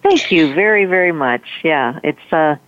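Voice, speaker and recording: A woman guest, a motivational speaker, telling a personal story in a lively way and acting out the voices of the people in it. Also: low voice, normal speed, no room sound. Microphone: telephone. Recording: tinny phone line, dry.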